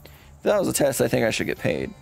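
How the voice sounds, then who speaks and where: A man's voice: medium pitch, wildly swooping pitch, fast talker, creaky, voice pushed up, heavily acted. A man reading the lines of a blunt young male adventurer hero, earnest and pushy, over faint game music. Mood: insistent.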